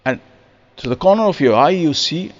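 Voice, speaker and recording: A man giving a spoken music lesson on rhythm, lively and demonstrative, acting out examples and reciting verse in a studio. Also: a little high, moderate pace, big-room sound, lo-fi sound. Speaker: percussionist explaining rhythm.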